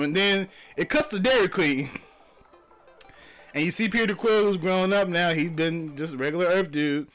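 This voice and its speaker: A man hosting a casual spoiler review, excitable and gushing, rambling with many fillers and restarts and bursting into high shouts. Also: brisk, soft background music. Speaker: host of a comics review channel.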